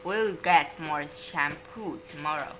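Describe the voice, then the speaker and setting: A woman voicing a patient mother who gently scolds her sons in a storybook. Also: low voice, takes it slowly, noisy background, pitched below the performer's own voice. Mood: gentle.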